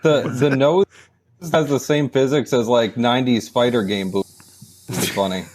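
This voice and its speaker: A man's voice: medium pitch, steady tone, unhurried, darkish tone, slight background noise. A man in his twenties, a podcast guest chatting easily with plenty of likes. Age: 20s. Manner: easygoing, with filler likes. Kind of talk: casual chat.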